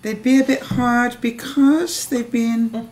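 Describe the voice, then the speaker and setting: A woman's voice: on the high side, steady tone, takes it slowly, darkish tone. A woman chatting casually in a home kitchen vlog, giggly and self-mocking. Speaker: home cooking vlogger.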